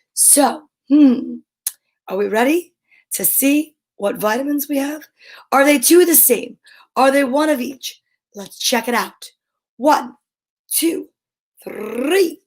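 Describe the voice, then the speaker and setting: A woman's voice: high voice, darkish tone, poor audio. A middle-aged woman with a New Jersey accent hosting a cheerful kids' show in a playful, sing-song way. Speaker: children's show host. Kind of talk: cheerful live-stream chat for kids.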